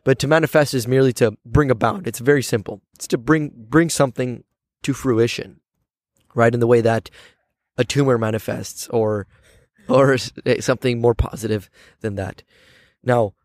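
A man's voice: medium pitch, moderate pace, a little mellow, no echo, studio quality. A man hosting a podcast, talking things through in a reflective, casual way and often checking in with his listener. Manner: thoughtful, keeps checking in with "right?". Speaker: podcast host. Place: outdoors on campus steps.

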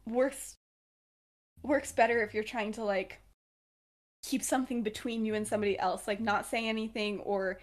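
A young woman co-hosting a podcast, telling a story in casual chat, with many fillers and laughs. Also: mid-range voice. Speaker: podcast co-host.

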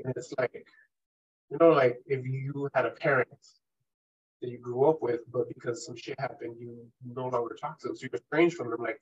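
A man's voice: medium pitch, breathy edge, muffled recording. A man as a podcast guest telling candid stories, emphatic and swearing often, with frequent "right?" tags. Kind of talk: candid conversational storytelling.

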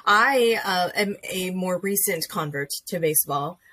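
A woman's voice: lowish voice, a little slow. A woman hosting a casual sports podcast, telling stories and acting out quotes. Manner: animated storyteller, acts out quotes. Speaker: podcast host. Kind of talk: casual chat.

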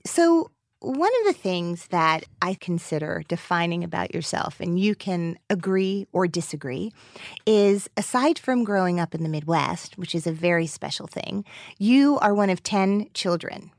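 A woman hosting an interview, asking lively, teasing questions and laughing easily. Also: on the low side, measured pace, gravelly, no room sound, clean studio sound. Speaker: interview host. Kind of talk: interview conversation.

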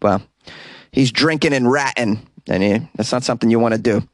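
A man's voice: medium pitch, fairly quick, no echo. Rambling comedic man from Boston. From Boston, USA. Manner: rambling, joking, digressive. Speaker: podcast host. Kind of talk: comedic news commentary. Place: small closet.

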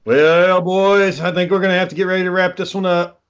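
A man's voice: high voice, fairly even intonation, fairly quick, clear, resonant tone. A man hosting a casual podcast chat, teasing his friends and swearing often. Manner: teasing, crude, swears a lot. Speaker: podcast host.

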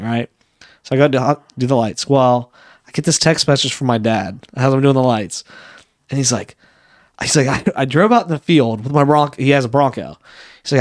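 A man in his thirties tells a long story on a casual podcast. He acts out each person he quotes. His voice sits at an ordinary middle pitch. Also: fairly quick. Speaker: podcast co-host.

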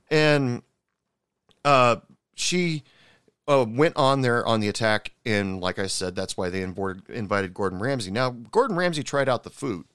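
Rambling man with a smooth, dry voice. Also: mid-range voice, a bit bright, dry recording. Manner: rambling, many fillers and restarts, indignant asides. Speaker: commentator recounting a TV episode. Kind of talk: casual storytelling commentary.

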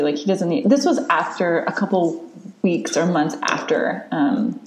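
A woman's voice: on the low side, measured pace, reverberant, a little hiss or hum. A woman in her thirties, a podcast host, candidly telling a long personal story in casual chat, with lots of fillers and restarts.

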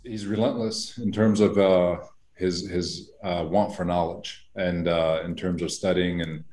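A head coach answering reporters at a press conference, halting and measured with many "uh"s. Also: male voice, sits low, steady tone, a little mellow.

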